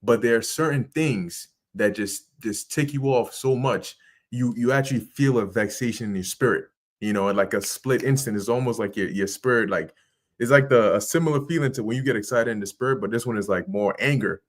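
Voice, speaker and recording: A man's voice: mid-range voice, fairly quick. A man co-hosting a religious podcast, reflecting aloud in a casual, hesitant way. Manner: reflective, thinking aloud, filler-heavy.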